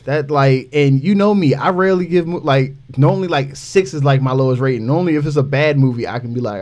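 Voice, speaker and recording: A young man on a casual podcast, ranting in an animated way and saying "like" a lot. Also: mid-range voice, fast talker, hardly any pauses. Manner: animated, ranting, heavy use of "like". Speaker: podcast co-host.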